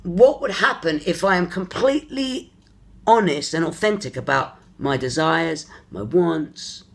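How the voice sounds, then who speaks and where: Spiritual coach type rambling openly to camera, stops and restarts a lot, mid pitch. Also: lively intonation, vocal fry. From London, England. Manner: earnest, searching, thinks aloud in halting phrases. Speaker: energy therapist and spiritual coach. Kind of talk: personal confessional vlog.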